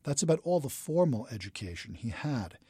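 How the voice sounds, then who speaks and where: A man narrates a documentary in a measured, scripted way, with a lively, husky voice. The sound is dry, with faint music underneath. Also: mid-range voice, dry recording.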